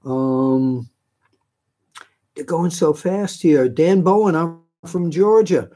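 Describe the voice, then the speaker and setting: A man's voice: fairly high pitch, slow pace, mellow. An older man from New York hosting a live stream, answering viewer questions in a chatty, rambling way with many fillers. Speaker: host.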